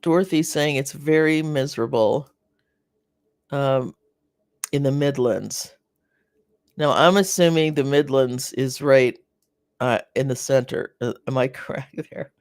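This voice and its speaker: Slow, gravelly, rambling live-stream host. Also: medium pitch, a little mellow, dry recording, studio quality. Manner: rambling and halting, with many fillers and restarts; sympathetic toward viewers. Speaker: host of a live garden chat. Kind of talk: casual live-stream chat reading viewer comments.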